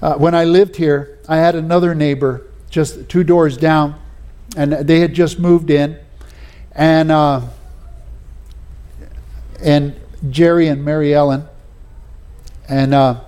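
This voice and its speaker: This sermon comes from a man whose slightly high voice is smooth and mellow, though his delivery is flat and slow with many pauses. He tells personal stories in a folksy manner, often starting over and leaning on "you know."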